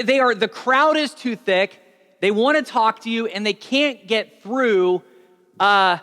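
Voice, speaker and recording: A man voicing a hurried, apologetic person in a crowd who interrupts a speaker. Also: high voice, sharp tone, pitched above the performer's own voice, heavily acted. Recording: long reverb of a large hall.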